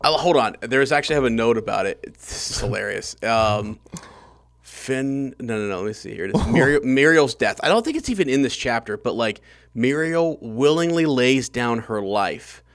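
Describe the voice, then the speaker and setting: A man's voice: mid-range voice, lively intonation, moderate pace, dry recording, studio quality. Laughing, stumbling podcast co-host man. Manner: laughs often, stumbles over names. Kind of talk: casual chat about a book.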